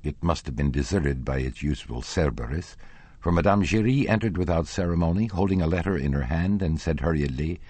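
A man reading a classic novel aloud as an audiobook narrator, expressive and lively. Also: rumbling low, moderate pace, breathy edge, dry recording.

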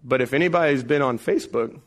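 A man in his thirties preaching a sermon, telling family stories with animated delivery and acted-out voices. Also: medium pitch, fast. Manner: animated storytelling, acts out voices. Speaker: pastor.

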